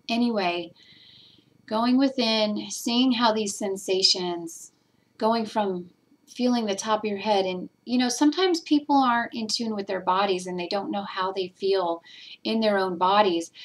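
A woman vlogger talking casually and earnestly about meditation, getting emotional as she rambles with fillers. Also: mid-range voice. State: teary. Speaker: spiritual vlogger. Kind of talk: casual personal talk.

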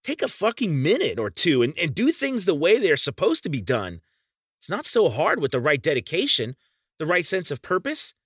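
A man's voice: a little high, wildly swooping pitch, normal speed, a bit bright, slightly rough, no echo, clean studio sound. A man reading a first-person audiobook, bitter and menacing, talking straight to the listener. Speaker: audiobook narrator.

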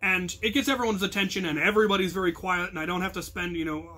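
The captain of a hobby combat crew, acting as instructor, gives an earnest talk explaining the crew's protocols, punctuated by bursts of loud call-outs. His voice is high-pitched and fast, with fairly even intonation.

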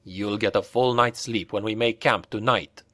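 A man doing a stern gruff sergeant. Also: steady tone, fairly bright tone, dry recording, close to an everyday voice. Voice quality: gruff, low and slow. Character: stern hard-driving male soldier sergeant.

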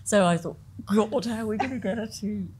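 A woman's voice: mid-range voice, brisk, a little mellow, slight background noise. A middle-aged woman, a film director as interview guest, talking in a chatty, self-deprecating way and laughing often. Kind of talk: conversational Q&A interview.

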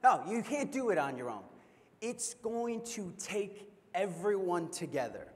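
A young man with a high voice tells a humorous story from a conference stage. His delivery is animated and playful, and he keeps questioning the crowd. His voice rings with the long reverb of a big hall. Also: unhurried. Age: young adult. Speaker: keynote speaker. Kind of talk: storytelling keynote speech. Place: large convention hall.

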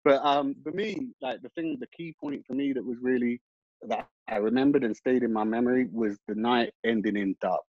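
A man, a screenwriter, speaking casually on a panel in a loose, relaxed way. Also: mid-range voice, moderate pace, no echo, muffled recording. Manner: relaxed, loose, full of fillers like "like". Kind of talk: panel discussion.

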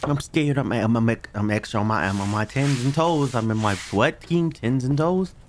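This gaming channel host is a man with a mid-range voice who speaks at a normal speed over slight background noise. He plays a horror game on his own channel, chatting jumpily, addressing his viewers directly, and yelping when something startles him.

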